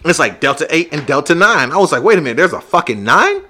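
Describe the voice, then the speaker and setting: A man telling a story in casual chat, animated and profane, acting out his own reactions in quotes. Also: a little high, fast talker.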